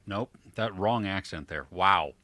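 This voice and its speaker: A man co-hosting a casual chat about movies and shows, lively and jokey, poking fun at himself. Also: low voice, a little slow, no echo. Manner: lively, jokey, self-deprecating. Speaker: podcast co-host.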